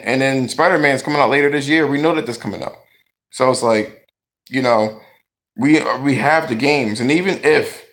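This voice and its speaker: A man's voice: mid-range voice, fairly bright tone. A man giving blunt, profane gaming commentary, ranting in a talkative vlog style.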